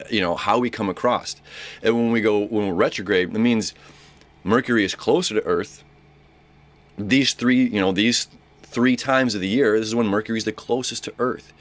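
A young man giving a casual, rambling horoscope talk as an astrologer, repeating himself and acting out little dialogues. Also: mid-range voice.

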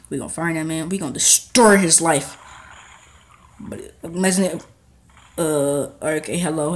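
A young man giving casual gameplay commentary, excitable and talking back to the characters on screen. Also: on the high side. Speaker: gaming channel host.

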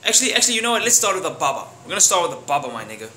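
Young South African man, casual vlog, animated, slangy and profane, fairly high voice, faint hiss. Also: racing. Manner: animated, profane, slangy, acts out characters with sound effects. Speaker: vlogger. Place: room at home.

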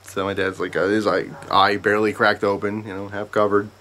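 A man with a somewhat low voice talks straight to his viewers in a relaxed storytime vlog. He rambles through the tale with animated energy and keeps stopping for side comments. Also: a little fast. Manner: rambling, animated retelling with asides. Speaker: vlogger. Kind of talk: casual storytime.

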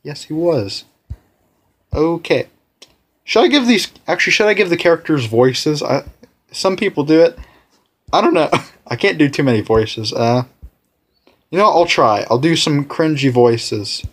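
A man hosting a let's play, rambling and correcting himself as he plays, with excitable outbursts. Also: on the high side, unhurried, pauses often, breathy edge. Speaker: gaming channel host.

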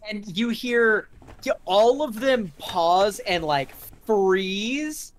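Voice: medium pitch, lively intonation, extremely slow. A game master narrating a tabletop game in a casual, rambling way, full of fillers and swearing.

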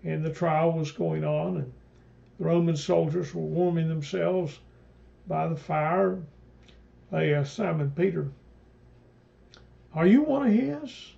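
A pastor leading a mid-week Bible study, retelling scripture in a halting way with many fillers and restarts. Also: male voice, fairly high pitch, little pitch movement, vocal fry, mellow. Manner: retells scripture, quoting speakers in old-fashioned phrasing. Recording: dull lo-fi recording.

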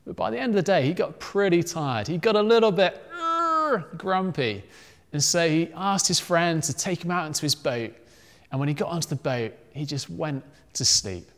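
A man with a slightly high voice leads a family worship talk for children, telling the story with animated voices. His words ring out in a reverberant church hall with a long echo.

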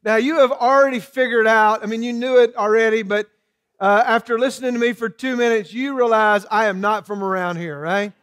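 A man from Georgia with a Southern accent, a guest preacher opening a sermon in a folksy, halting way with many fillers. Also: extremely high pitch, fairly even intonation, fairly bright tone, no room sound, studio quality.

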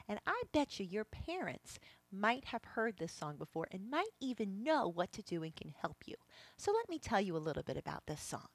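A woman leads young children through a music lesson in a higher voice with big, bouncing swings of pitch. She is playful and animated, often dropping to a hush. The sound is dry and close. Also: dry recording.

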